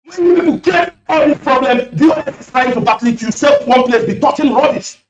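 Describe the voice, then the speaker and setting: A man rails at his critics in a fierce, accusatory call-in speech, repeating himself for force. His voice sits very high. It comes through a dull, echoey line with faint hiss behind it. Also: brisk. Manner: fiery, accusatory, repetitive. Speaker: caller. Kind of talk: impassioned radio call-in speech. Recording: echoey distant lo-fi phone line.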